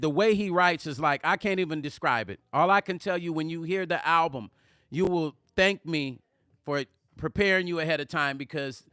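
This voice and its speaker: A middle-aged man hosting a live music vlog, reading viewer comments aloud in casual chat, animated and emphatic and repeating words for emphasis. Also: fairly high pitch, smooth, no echo, studio quality. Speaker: music vlogger hosting a livestream.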